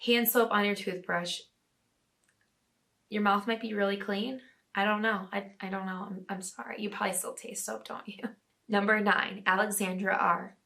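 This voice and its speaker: A woman podcast host with a raspy voice, casually reading listener stories aloud and reacting with chatty laughter. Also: mid-range voice, a bit bright.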